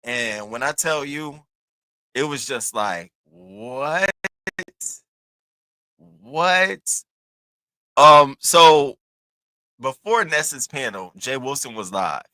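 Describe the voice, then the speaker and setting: A man hosting casual gossip commentary, animated and sassy, cussing freely and jumping into high squealing bursts. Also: slow pace, no room sound. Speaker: commentary host.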